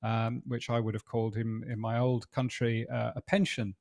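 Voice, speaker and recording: A middle-aged man from Britain, talking casually as a guest with lots of hesitant fillers. His voice has a gravelly, creaky edge, and the sound is dry and close with no room echo. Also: mid-range voice, little pitch movement, moderate pace, a little mellow. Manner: hesitant, many fillers and restarts. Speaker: podcast industry guest. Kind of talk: casual interview chat.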